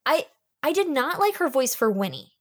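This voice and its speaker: A woman co-hosting a podcast, reviewing an audiobook in casual, fast chat full of "like" fillers. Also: sits high, sing-song, dry recording, studio quality. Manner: chatty, fast, lots of "like" fillers.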